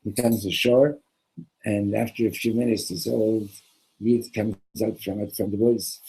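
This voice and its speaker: A man teaching as a rabbi in a relaxed, conversational sermon. His voice is mellow and slightly husky, and he restarts and repeats words as he builds toward a joke. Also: lowish voice, a little slow, rough recording.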